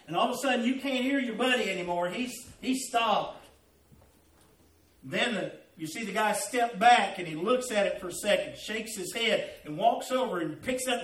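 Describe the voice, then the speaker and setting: A male pastor giving an animated, storytelling sermon in a church. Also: sits high, normal speed, reverberant, recorded from a distance, a little hiss or hum, rough recording.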